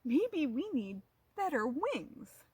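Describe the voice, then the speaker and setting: A woman's voice: high-pitched, sing-song, takes it slowly, darkish tone, dry recording, pitched above the performer's own voice, heavily acted. A woman voicing a determined young boy inventor in a children's storybook, speaking earnestly and with emphasis.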